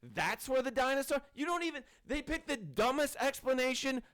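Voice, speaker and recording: A man's voice: very high voice, dry recording. A man reviewing a movie in casual chat with friends, ranting animatedly, swearing and mocking scenes. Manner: animated, swearing, quick rants with mock quotes.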